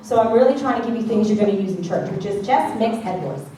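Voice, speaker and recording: A fast-talking woman with a warm, mid-range voice and animated delivery runs a worship singing class. Chatty and playful, she sings quick demonstrations of each point through a handheld mic in a classroom or church hall. The distant recording is echoey, with a faint layer of background noise.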